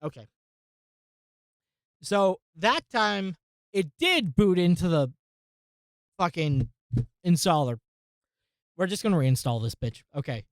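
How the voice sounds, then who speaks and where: A woman hosting a casual tech vlog, talking through a software install and muttering to herself in exasperation, with frequent swearing. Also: lowish voice, animated, slow pace, pauses often, no room sound, clean studio sound. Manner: addresses viewers as folks and guys. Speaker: tech channel host.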